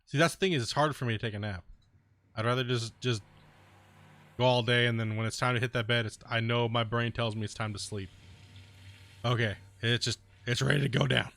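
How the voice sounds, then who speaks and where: Young male streamer, soothing laid-back voice, bright timbre, slangy jokes. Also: medium pitch, steady tone, a little fast, vocal fry. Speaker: live streamer. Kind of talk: casual chat to viewers while gaming.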